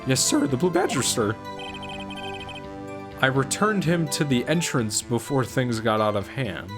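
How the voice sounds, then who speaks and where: A man's voice: medium pitch, expressive, unhurried. A man voicing a jittery, eager young male police officer who tacks "sir" onto everything. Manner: ends every sentence with sir, loud and eager. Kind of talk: reading game dialogue aloud. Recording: game music playing behind.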